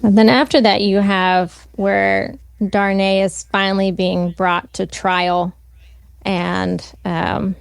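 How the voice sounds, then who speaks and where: Woman with a gravelly, dry voice. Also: mid-range voice, little pitch movement, dry recording. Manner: reads quotes from the book slowly and deliberately. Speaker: podcast co-host. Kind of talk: casual book discussion with read-aloud passages.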